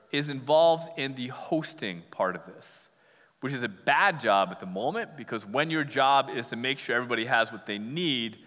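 A man's voice: medium pitch, sharp tone. A man preaching a sermon in a casual, joking way, acting out imagined voices. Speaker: pastor. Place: church sanctuary. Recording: long reverb of a large hall.

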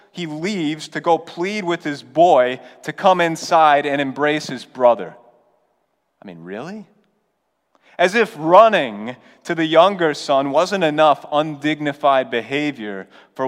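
A pastor preaching a sermon in an earnest, conversational way with urgent appeals. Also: male voice, fairly high pitch, big-room sound. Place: church.

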